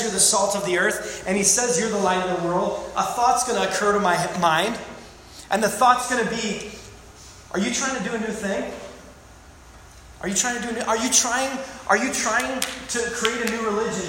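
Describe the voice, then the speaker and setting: A man's voice: high-pitched, moderate pace, bright, forceful tone. A man preaching a sermon, emphatic, repeating phrases and asking the congregation questions. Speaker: pastor. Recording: very echoey hall, faint room noise.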